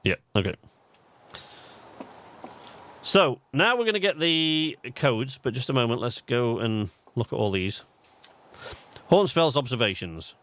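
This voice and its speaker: A man's voice: medium pitch, big pitch swings, a little slow, pauses often, fairly bright tone. A man streaming a video game live, chatting eagerly to his viewers, with plenty of fillers. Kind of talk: gaming livestream commentary.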